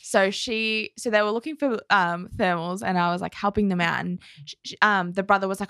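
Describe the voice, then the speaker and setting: A woman telling a funny customer story in casual podcast chat, animated and laughing as she goes. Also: medium pitch, a little fast, no echo, studio quality. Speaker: podcast co-host.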